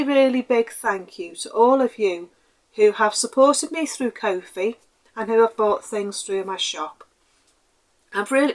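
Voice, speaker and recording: A middle-aged woman, chatting casually to camera as a crafting vlogger in a rambling, grateful way. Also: medium pitch. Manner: chatty and rambling, self-described waffly; warm and grateful.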